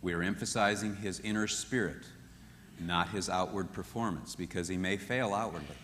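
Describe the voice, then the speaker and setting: A man teaching a marriage seminar in an animated way, often acting out what spouses say. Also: deep voice, normal speed, slight background noise. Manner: animated, acts out quoted voices. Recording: echoey hall with long reverb.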